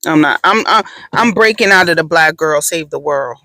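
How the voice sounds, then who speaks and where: A woman's voice: deep voice, moderate pace, bright, forceful tone, no room sound, poor audio. A woman hosting a podcast, talking in a casual, blunt and profane way, with emphatic storytelling. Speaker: podcast host.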